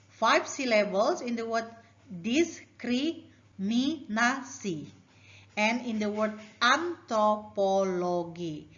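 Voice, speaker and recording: A woman from Indonesia, giving a recorded linguistics lecture in a measured way, reading out example words one by one. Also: a little high, a bit bright. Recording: dull lo-fi recording.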